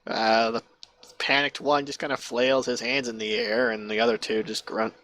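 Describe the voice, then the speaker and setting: A man running a tabletop game as game master, narrating quickly and wryly. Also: mid-range voice, fairly even intonation, fairly bright tone.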